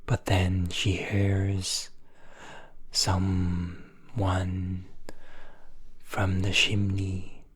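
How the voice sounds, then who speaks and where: A man telling a story in a slow, breathy ASMR whisper. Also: deep voice, completely flat delivery.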